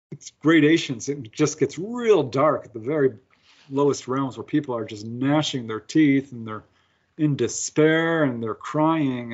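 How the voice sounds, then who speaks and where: A man's voice: medium pitch, dull audio. A man, a guest author, telling stories in a casual interview, laughing often and acting out his own lines.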